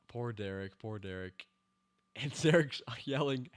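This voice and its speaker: A man hosting a casual stream, reviewing a TV season scene by scene, rambling with fillers and breaking into excited cheers and laughter. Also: medium pitch, measured pace. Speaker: show host reviewing a TV season.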